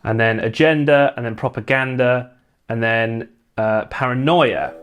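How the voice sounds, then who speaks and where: A man teaching a guitar lesson, calmly talking through strumming patterns and chord shapes, stopping between explanations to demonstrate. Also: mid-range voice, clean tone. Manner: relaxed, explaining step by step with pauses to play. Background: loud guitar playing between phrases.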